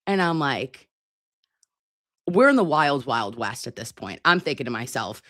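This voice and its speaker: Lively, foul-mouthed woman streamer. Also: extremely low pitch, unhurried, dry recording, clean studio sound. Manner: profane, playful, teasing; animated, swooping delivery. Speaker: live-stream host. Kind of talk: casual live-stream commentary.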